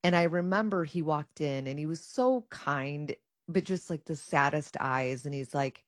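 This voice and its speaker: Woman guest, low pitch, animated storyteller, dry close mic. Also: unhurried, no room sound. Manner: animated, acts out her own and others' quoted words. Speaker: guest sharing her cancer story. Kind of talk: casual personal storytelling.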